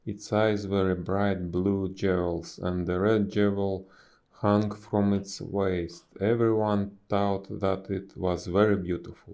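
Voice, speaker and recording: A man reading a children's story aloud, slow and careful, with small slips and restarts. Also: deep voice, level tone, a little mellow.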